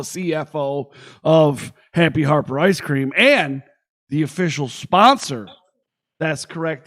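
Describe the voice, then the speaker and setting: Boastful, joking podcast host man. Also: a little high. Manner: boastful, joking, self-hyping. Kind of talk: casual chat.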